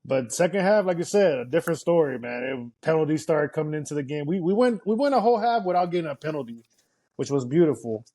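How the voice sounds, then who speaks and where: Brief: male podcast co-host, slightly higher voice, eager casual game recap. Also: lively intonation, fast talker, mellow. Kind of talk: casual sports chat.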